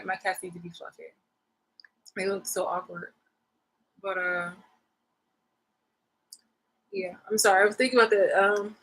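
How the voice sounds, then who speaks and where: Husky, forceful young woman ranting. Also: on the low side, rough recording. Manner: rambling, slangy, swears freely. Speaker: vlogger. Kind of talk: casual rant to camera.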